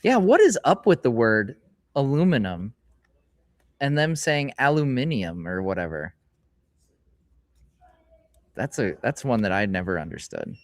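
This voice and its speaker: A middle-aged man hosts a casual live stream from a hobby store and rambles along as he opens packs. His voice sits at an ordinary middle pitch, and he slows down to read out each card name. The sound is close and dry, with little room echo. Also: very animated. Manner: chatty and rambling, reads card names aloud in a slowed voice. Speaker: streamer host.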